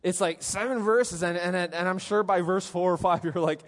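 A middle-aged male pastor delivers a relaxed, conversational sermon at a moderate pace, animating his lively stories and tossing in "right?" after many points. His voice runs a little high for a man, and a long reverb trails behind him through the church hall.

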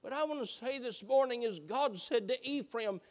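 High-voiced preacher man. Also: moderate pace. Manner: builds to impassioned shouting, then drops soft. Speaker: pastor. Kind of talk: sermon.

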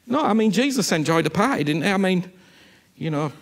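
Male preacher, husky voice that swings wildly up and down, earnest and repetitive. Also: sits high, a little fast. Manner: animated, earnest, repeats himself, keeps asking "you understand me?". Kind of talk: sermon.

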